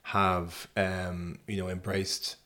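Low-voiced Irish man musing aloud. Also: flat delivery, slow, pushed and bright. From Ireland. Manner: thoughtful, frequent restarts. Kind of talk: casual discussion.

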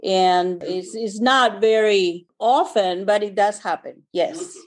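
A woman physician answering interview questions in a conversational way, pausing often and searching for words. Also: mid-range voice. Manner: hesitant, searching for words with many fillers. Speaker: physician guest.

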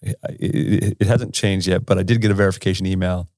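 A man's voice: low-pitched, fast, darkish tone, dry recording, clean studio sound. A man casually telling a rambling, profane travel anecdote, laughing often as he goes. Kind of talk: casual storytelling.

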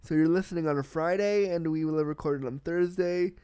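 Profane excitable podcast host man. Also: a little high, brisk, clean tone, no room sound, clean studio sound. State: slight cold. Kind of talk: casual solo podcast monologue.

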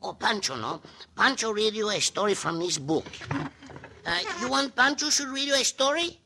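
An actor playing a jolly, clumsy Mexican sidekick with a Mexican Spanish accent, broken English and a giggle, in an old radio western. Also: male voice, sits high, lively intonation, moderate pace. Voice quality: broken English, speaks of himself by name, giggly. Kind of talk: 1950s radio western acting. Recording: hissy old radio transcription.

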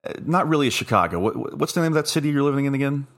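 A man's voice: mid-range voice, expressive, fast, hardly any pauses, a bit bright. A man hosting a casual podcast, easygoing and teasing as he steers the talk. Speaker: podcast host.

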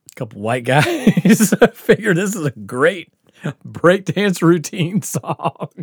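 A man's voice: fairly high pitch, big pitch swings, takes it slowly, slightly rough, no echo, studio quality. A middle-aged man hosting a podcast, telling a rambling, profane story in a casual way and laughing as he goes. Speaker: podcast host.

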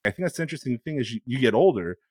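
A man's voice: mid-range voice, sing-song, very fast, a little mellow, dry recording. A man co-hosting an improv comedy podcast, rambling earnestly between teasing bursts. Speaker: podcast co-host. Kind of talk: casual improv podcast chat.

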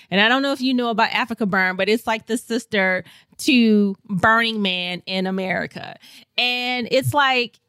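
An animated woman from St. Louis tells a story as a podcast guest, often breaking into laughter. Her voice is bright and sits a little high. The sound is dry and close. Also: no room sound. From St. Louis, Missouri. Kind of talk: casual storytelling.

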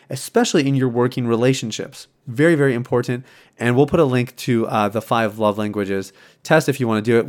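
A man's voice: mid-range voice, darkish tone. Earnest married man talking on a podcast. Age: adult, married. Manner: earnest, conversational, many restarts and fillers. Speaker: podcast host. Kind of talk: reflective casual monologue.

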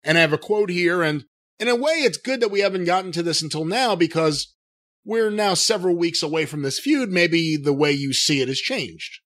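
A man co-hosting a podcast, reading out quotes and listener questions in an animated, jokey way. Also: on the high side, normal speed. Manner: animated, jokey, laughs easily. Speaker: podcast co-host.

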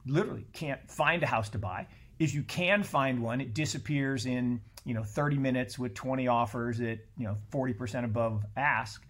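Blunt, animated middle-aged man. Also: mid-range voice, moderate pace. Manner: animated, blunt, swears freely, frequent restarts. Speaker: podcast guest. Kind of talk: casual conversation.

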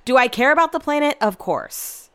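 Young woman vlogger, slightly higher voice, casual and chatty at home, swears freely. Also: moderate pace, smooth. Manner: chatty, swears often, animated storytelling. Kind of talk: casual chat to camera. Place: home room.

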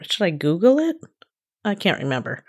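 A woman's voice: lowish voice, very animated, normal speed, darkish tone, husky. Blunt teasing woman guest. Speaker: guest, host's older sister. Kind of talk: casual chat.

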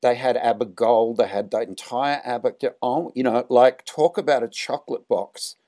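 A middle-aged Australian man, a film director, telling animated anecdotes in an interview and jumping up in pitch for quoted lines. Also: moderate pace. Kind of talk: storytelling interview.

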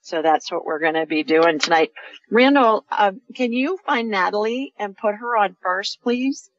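A woman's voice: mid-range voice, animated, normal speed, no room sound, dull audio. A woman hosting a live call-in radio show. She talks soothingly and explains each step as she goes. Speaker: radio show host and energy healer.

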